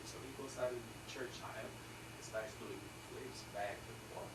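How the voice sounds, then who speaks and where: A man's voice: fairly low pitch, steady tone, moderate pace. An older man, an artist, telling jokes and stories in a rambling, laughing way, recorded from a distance in an echoey, noisy room. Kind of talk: casual joke-telling. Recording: echoey room, distant mic, loud noise.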